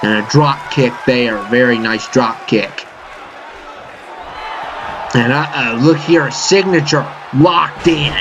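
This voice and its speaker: A man doing casual, excitable play-by-play commentary over a wrestling video game, full of fillers and "uh-oh" exclamations. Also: medium pitch, takes it slowly, pauses often, over music. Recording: dull lo-fi mic with game crowd and noise behind. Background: video game arena crowd noise.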